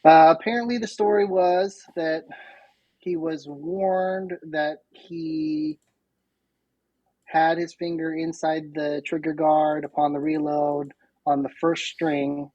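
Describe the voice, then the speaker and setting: A woman's voice: low-pitched, fairly even intonation, slow pace, dark tone, no echo, muffled recording. A woman guest on a podcast, a chatty, self-deprecating storyteller in casual conversation. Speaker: podcast guest, competitive shooter.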